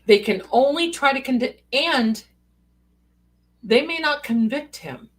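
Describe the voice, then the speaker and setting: A woman hosts a live stream as a psychic, chatting casually and tossing in folksy, sassy asides. Her high voice is expressive and her pace measured.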